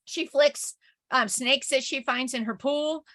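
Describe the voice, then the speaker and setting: A woman's voice: high-pitched, measured pace, a bit bright. A woman professor giving an informal recorded lecture, telling a neighborhood anecdote in a chatty way, full of "like" and "right?". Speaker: communication professor.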